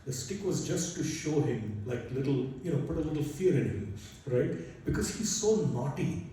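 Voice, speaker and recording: A man's voice: medium pitch, lively intonation, moderate pace, mellow, slight background noise. A man giving a storytelling sermon in a conversational way, often checking in with "right?" and "you know". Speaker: speaker at a temple gathering. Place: large temple hall. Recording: echoey hall from far off.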